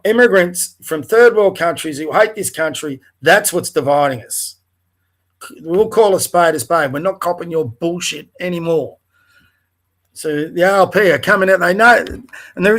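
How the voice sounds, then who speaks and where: Speaking a little high with a fairly bright tone, this middle-aged Australian livestream host tears into social media posts as he reads them. He's blunt and foul-mouthed, tossing in contemptuous side remarks throughout his angry rant.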